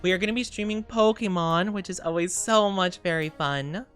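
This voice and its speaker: A woman's voice: on the low side, normal speed, clean tone, faint music behind. A tired woman streamer rambling and giggling in casual chat, greeting viewers as she goes.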